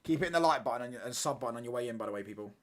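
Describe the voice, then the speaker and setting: A man's voice: mid-range voice, animated, racing. A man, chatting casually on a football watchalong stream and often asking "do you get what I'm saying?". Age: 20s. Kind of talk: casual live-stream chat.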